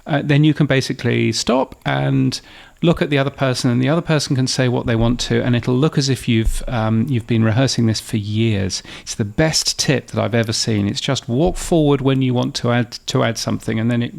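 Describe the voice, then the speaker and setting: A man's voice: medium pitch, a little fast, creaky. A man hosting a podcast news review, talking in a casual, wry way with many restarts and fillers.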